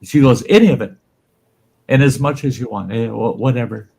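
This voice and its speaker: A man casually telling a salty, folksy story, voicing the people in it with lively shifts. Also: medium pitch, moderate pace, vocal fry. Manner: folksy, salty, animated when quoting others. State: undergoing cancer treatment. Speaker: channel host telling stories.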